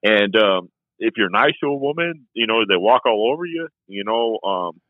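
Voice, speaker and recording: A man's voice: on the low side, expressive, normal speed, dry recording. A man chatting on a podcast, rambling and repeating "you know" a lot. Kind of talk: casual podcast chat. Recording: tinny phone-like line.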